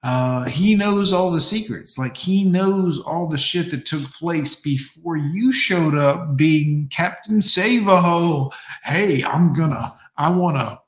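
A man's voice: fairly high pitch, roomy sound. A man delivering a profane, emphatic rant in a casual monologue. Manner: profane, ranting, slow and emphatic.

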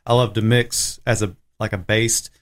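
A man, a preacher, talking in a relaxed, halting way in casual chat and warming up as he speaks about food. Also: on the low side. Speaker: preacher, podcast guest.

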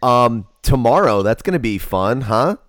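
A man with an average-pitched voice hosts a casual podcast. He trash-talks with swagger and drops swear words constantly. The sound is dry and close to the mic. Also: very animated, a little slow, fairly bright tone, no room sound. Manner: brash, profane trash talk. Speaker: podcast host. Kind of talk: casual chat.

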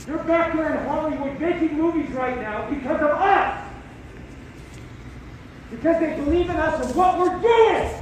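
A man's voice: very high-pitched, normal speed. A man angrily berating his film crew with stern, clipped threats, caught on a leaked set recording. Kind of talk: angry rant. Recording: echoey, distant, noisy leaked set recording.

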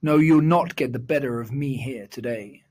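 A man reciting a rhyming children's poem in a measured, sing-song storytelling delivery. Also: medium pitch, a little mellow.

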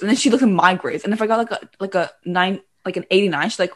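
A high-school-age girl co-hosting a podcast. She complains about her family in a playful, quick way, with an ordinary, middle pitch. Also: animated. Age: teens. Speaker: podcast co-host. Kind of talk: casual chat.

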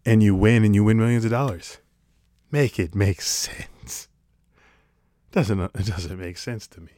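A man's voice: on the low side, unhurried, dark tone, dry recording, clean studio sound. A man talking to camera in a casual comedic monologue, sarcastic and rambling, swearing casually. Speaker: vlogger.

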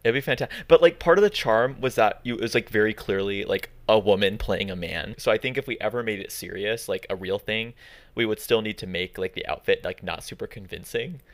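A man's voice: lowish voice, a little fast. A young man in his twenties co-hosting a podcast in casual chat, rambling and filling his talk with "like". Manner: rambling, fills with "like" constantly. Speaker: podcast co-host.

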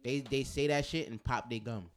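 A man's voice: medium pitch, normal speed. A man co-hosting a podcast, blunt, profane and teasing in casual banter. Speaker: podcast co-host.

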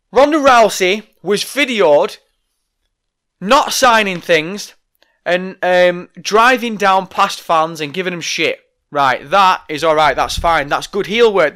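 Man, high-pitched, furious profane wrestling rant, sarcastic. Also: bright, forceful tone. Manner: angry, heavily profane, sarcastic. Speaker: wrestling commentator. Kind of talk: ranting monologue.

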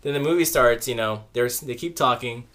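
A young man co-hosting a casual podcast, telling animated stories full of fillers and mimicking people. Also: moderate pace. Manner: animated, mimics people in shrill high voices; lots of fillers like "like" and "freaking". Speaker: podcast co-host. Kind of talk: casual chat, storytelling.

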